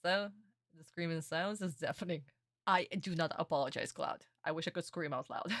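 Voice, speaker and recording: A young woman with a fairly low voice, talking casually and excitedly as a streamer. She laughs often and swears freely, recorded dry and close. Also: a little fast, no echo. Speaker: streamer reacting to an anime. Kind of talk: casual reaction commentary.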